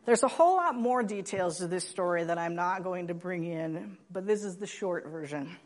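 A woman in her sixties from Oregon giving a sermon and personal testimony in a plainspoken, gently humorous way. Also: lowish voice, lively intonation, moderate pace. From Oregon, USA. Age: 60s. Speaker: lay preacher.

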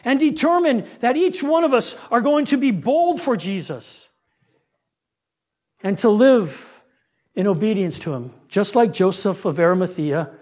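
A man preaching a sermon with rhythmic refrains, building intensity and dropping low on key lines. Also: animated, measured pace, a little mellow.

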